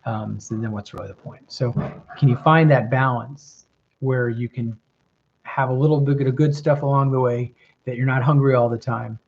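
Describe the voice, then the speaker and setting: A middle-aged man from the American South with a mild Southern accent, hosting a livestream and answering viewer questions in a relaxed, reflective way. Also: mid-range voice, normal speed, gravelly, a little hiss or hum. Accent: metropolitan Southern American, mild. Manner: relaxed, reflective, many ums and rights. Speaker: host giving advice, reading viewer questions. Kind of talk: casual livestream chat. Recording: slightly dull lo-fi stream audio.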